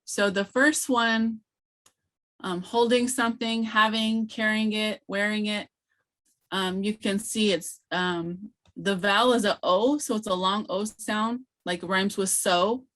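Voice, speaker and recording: A woman leading an online training session as a language teacher trainer, explaining sounds patiently and slowly, with many fillers, heard through a computer mic on a video call. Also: medium pitch, steady tone, fairly bright tone.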